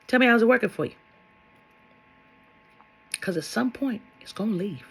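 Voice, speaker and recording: A woman's voice: on the high side, animated, normal speed, vocal fry, slightly rough. A woman speaking as a spiritual love coach in a vlog monologue, blunt and sassy, swearing and firing rhetorical questions at her viewers.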